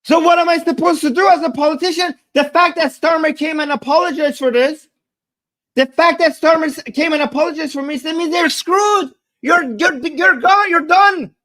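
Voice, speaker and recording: A man's voice: very high voice, normal speed, bright, forceful tone. A man giving a heated, sarcastic political rant to his viewers, repeating points and raising his voice. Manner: agitated, sarcastic, repeats himself. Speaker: political commentator. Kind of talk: ranting reaction commentary.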